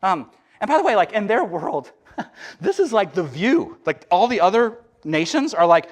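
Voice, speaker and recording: Pastor guy with a high voice, chatty animated sermon, lots of likes and restarts. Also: moderate pace. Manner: conversational, animated, many restarts and fillers.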